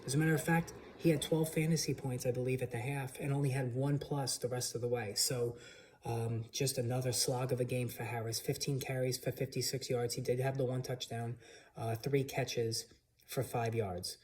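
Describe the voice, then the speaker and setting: A man runs his own channel, sitting alone at his home computer and offering casual, opinionated fantasy football commentary full of restarts and fillers. His mid-range voice has a flat delivery, a darkish tone, and a moderate pace. There is slight background noise.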